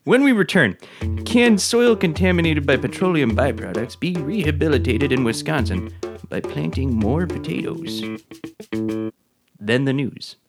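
An actor playing a calm, deadpan public radio host who keeps slipping insults into an interview. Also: male voice, fairly high pitch, a little slow, over loud music. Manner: calm, dry, oddly insulting questions.

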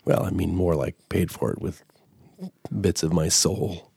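A man co-hosting a comedy podcast with a slight cold that makes his voice gravelly, reacting with quick, playful quips. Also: low-pitched, fairly even intonation, mellow, dry recording. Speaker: podcast co-host. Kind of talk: casual comedic banter.

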